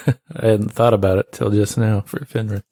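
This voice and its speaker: A man's voice: lowish voice, level tone, normal speed, mellow, dry recording. A man playing in a tabletop game, chatting casually and rambling through a memory. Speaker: player.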